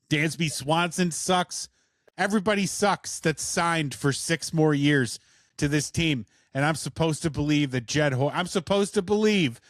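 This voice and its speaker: Guy ranting and cussing on a podcast, kinda high voice, no room echo. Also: fairly bright tone, studio quality. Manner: profane, ranting. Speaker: podcast co-host. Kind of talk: casual chat.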